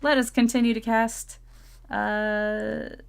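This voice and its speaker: A woman's voice: fairly high pitch, flat delivery, slow pace, vocal fry, clear, resonant tone. A woman co-hosting a podcast, chatting playfully and laughing often. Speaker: podcast co-host. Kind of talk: casual chat.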